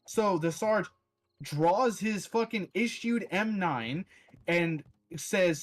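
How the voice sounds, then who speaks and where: A man's voice: sits high, animated, slow. A man telling a long story in a loose, rambling way, swearing often and filling gaps with "like". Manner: rambling, heavy swearing, lots of "like" fillers. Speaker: podcast host. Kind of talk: casual storytelling.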